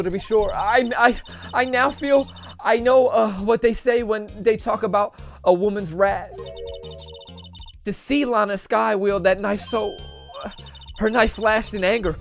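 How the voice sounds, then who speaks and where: A man's voice: high-pitched, normal speed, vocal fry, soft background music, voice pushed up. A man voicing a theatrical, scheming older lunch lady with grandiose, melodramatic delivery that stumbles over the lines.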